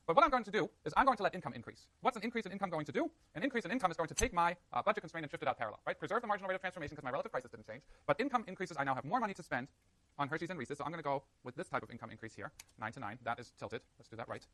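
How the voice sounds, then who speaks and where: A man lecturing a university class, quick and lively, joking with students as he works through a diagram. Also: on the high side, dry recording. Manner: fast, animated, jokey asides to students.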